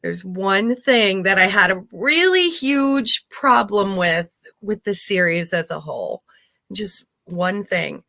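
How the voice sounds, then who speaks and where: A woman co-hosting a podcast, chatting casually, emphatic and quick to laugh. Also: medium pitch, animated, creaky, sharp tone, dry recording. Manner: giggly, emphatic. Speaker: podcast co-host. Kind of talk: casual chat.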